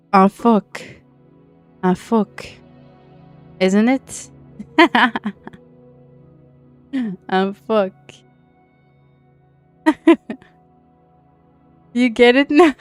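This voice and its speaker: French girl streaming games, super slow and giggly, smooth clean voice, chatting to her viewers. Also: medium pitch. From France. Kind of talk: casual live-stream chat while gaming.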